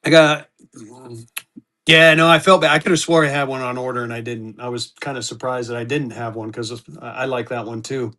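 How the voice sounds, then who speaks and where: A man's voice: medium pitch, steady tone, brisk, sharp tone. A man hosting a live-stream auction, rambling casually and talking straight to his viewers. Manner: rambling and chatty, restarts, talks to viewers by name. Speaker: host of a live online auction.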